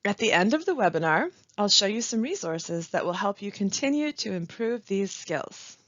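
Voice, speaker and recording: A woman teaching pronunciation in a scripted webinar, speaking slowly and carefully with deliberate pauses. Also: mid-range voice, sing-song, fairly bright tone, no echo. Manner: slow, careful, deliberate delivery with clear pauses. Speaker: language support specialist. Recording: dry, dull lo-fi voice-over.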